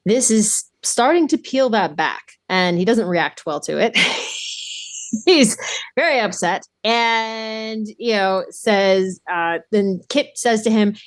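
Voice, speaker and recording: Woman, podcast co-host, casual chat, animated recap, frequent agreement, middle pitch. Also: slow.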